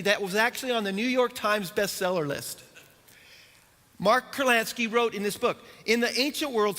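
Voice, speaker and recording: A middle-aged man preaches to a church congregation in an unusually high, bright voice. He keeps it conversational, with dry humor and rhetorical questions. His words ring out with the long reverb of a church auditorium. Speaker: pastor. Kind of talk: sermon.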